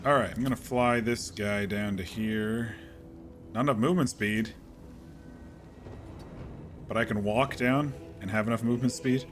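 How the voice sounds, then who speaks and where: A man casually commenting while playing a video game, muttering plans to himself with sudden excited outbursts. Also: medium pitch, normal speed, long pauses, faint music behind. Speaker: gaming channel host.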